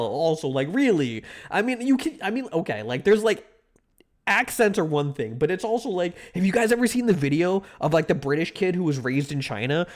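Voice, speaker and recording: A streamer talking loosely to chat at a desk mic, with a medium-pitched voice that swings up and down a lot. The talk meanders, stalls on repeated words and restarts mid-sentence. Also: sing-song, fairly quick. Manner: rambling, many restarts and repeated "like". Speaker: livestreamer. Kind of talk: casual livestream chat, answering viewers.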